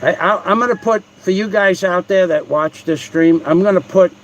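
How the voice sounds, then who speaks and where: A man's voice: high voice, moderate pace, muffled recording, slight background noise. A man hosting a livestream at home, talking in a mocking, profane, rambling way with restarts. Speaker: livestream host. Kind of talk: casual livestream rant.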